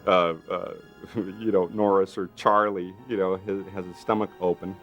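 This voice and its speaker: A man recounting effects work in an interview, animated and full of fillers, acting out what others said. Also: deep voice, normal speed, muffled recording, faint music behind. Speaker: makeup effects artist interviewee. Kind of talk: documentary interview anecdote.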